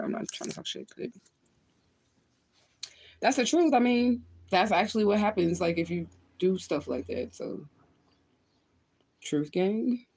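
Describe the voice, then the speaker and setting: This low, darkish-toned woman is a spiritual medium hosting a casual livestream. She goes through viewer comments, talking bluntly, cursing a lot, and laughing often.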